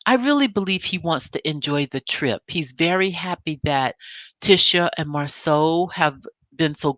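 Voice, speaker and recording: Chatty low-voiced woman vlogger. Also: fairly bright tone, dry recording. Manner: chatty, emphatic storyteller. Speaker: vlogger recapping a reality show. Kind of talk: casual recap commentary.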